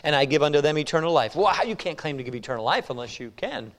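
A male pastor preaching a sermon, reading scripture slowly and pressing his point with rhetorical questions. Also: a little high, lively intonation. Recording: long reverb of a hall.

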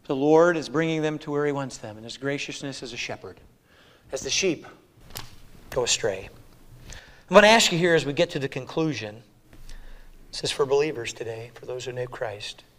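A man preaching as a pastor, swinging from hushed, gentle lines to loud, emphatic ones. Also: medium pitch, lively intonation, normal speed, long pauses. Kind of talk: sermon.

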